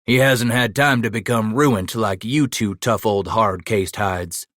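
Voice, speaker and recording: A man's voice: lowish voice, measured pace, fairly bright tone, no room sound, studio quality. A man doing a hearty old frontier host. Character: old gruff hospitable mountain man, hearty.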